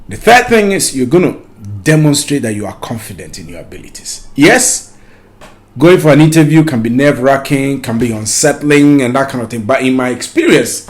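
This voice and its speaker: A man giving career advice in an unscripted talk to camera, lively, often restarting and repeating words. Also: a little high.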